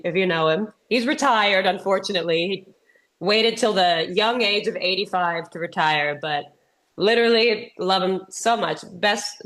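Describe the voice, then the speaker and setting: A woman's voice: fairly low pitch, a bit bright. Chatty comedian woman with a sinus cough. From Texas, USA. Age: 30s. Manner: chatty, self-deprecating storyteller. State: getting over a sinus infection, coughing. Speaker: keynote speaker, comedian. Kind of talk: comedic keynote talk. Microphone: remote presentation.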